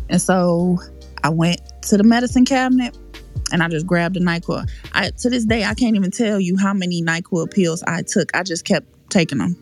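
A woman's voice: lowish voice, normal speed, soft background music. A woman guest on a podcast, telling a painful personal story in a frank, emotional, slangy way with many restarts.

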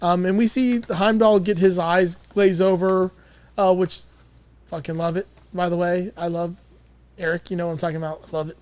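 A man with a high voice recaps a film casually, swearing often and putting on quick imitations of the characters. His voice sounds dry and close. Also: fairly even intonation, a little mellow, clear, resonant tone, no echo. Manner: rambling, swears, mock-quotes the characters. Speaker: podcast host recapping a film. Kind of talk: casual chat.

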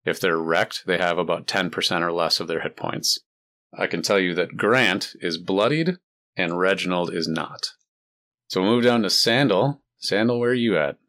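A man narrating a tabletop role-playing game as dungeon master, explaining rules in a relaxed way with many fillers. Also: low-pitched, moderate pace.

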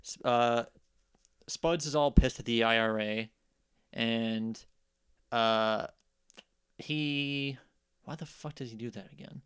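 A man chats casually with a co-host, stumbling and restarting as he searches for words, with plenty of swearing. His tone is smooth and clear at a middling pitch, and the recording is dry and close. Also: a bit bright, no echo. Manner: halting, restarting, profane banter. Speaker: podcast co-host. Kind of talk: casual chat.

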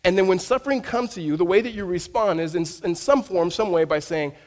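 An American pastor preaches to his congregation in a church sanctuary, his voice high-pitched, brisk and a little mellow. He tells stories animatedly, frequently stammering and starting his words over.

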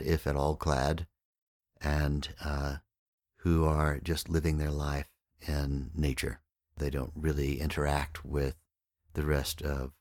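A man hosting a podcast, telling a parable and explaining its meaning in a measured, explanatory way. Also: rumbling low, no echo, studio quality. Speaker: podcast host and storyteller. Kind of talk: storytelling narration with teaching.

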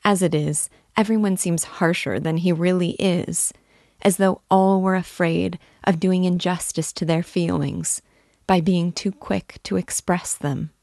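Woman voicing a shy young girl pouring her heart out, soft and hesitant, low gravelly tone. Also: fairly even intonation, measured pace, no echo, studio quality. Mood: earnest. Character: timid, earnest young girl confiding.

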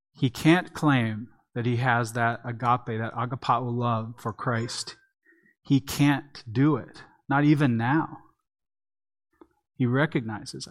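Man, pastor, sermon, expository teaching, conversational, mid pitch.

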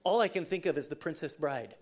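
A preacher delivering a sermon in a conversational way, telling the story with lively asides and acting out the scenes. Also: medium pitch, fast talker, background noise. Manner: animated storyteller who acts out scenes.

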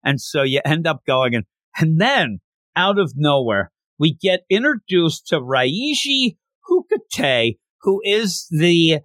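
A man casually recapping a manga story, animated and acting out the characters' lines as he goes. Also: on the high side, slow pace, no echo, clean studio sound.

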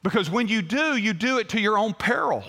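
A man's voice: high voice, expressive, brisk, pushed and bright, long reverb tail. A male pastor, preaching an emphatic, story-driven sermon in a church.

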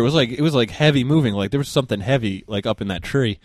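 A man's voice: medium pitch, racing, no echo, clean studio sound. A man, a podcast guest, telling a rambling story in a casual chat, swearing freely and laughing as he goes.

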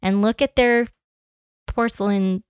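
A woman's voice: medium pitch, fairly even intonation, slow, clear, resonant tone, no echo, studio quality. Playful young woman podcast co-host. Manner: enthusiastic, playful. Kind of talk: casual chat.

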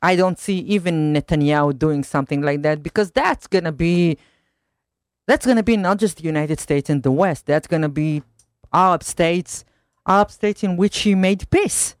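A woman's voice: on the low side, normal speed, no room sound. A woman from Israel with an Israeli accent, a journalist being interviewed in a radio studio, often restarting and repeating words as she finds her thought. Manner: hesitant, repeats words when starting a thought. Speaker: guest journalist.

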